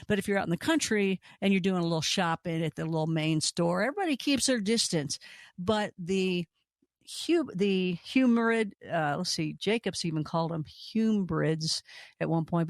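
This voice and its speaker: On her radio talk show, a woman spins stories in a chatty, animated style, her pitch leaping upward to stress key points. The recording is clean studio audio without echo.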